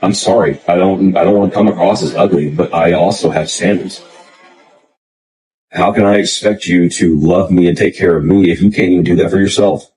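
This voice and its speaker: A man's voice: low voice, fairly even intonation, a little fast, poor audio. A man ranting to camera in a blunt, intense way, swearing heavily. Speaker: dating content creator. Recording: clip with loud background music.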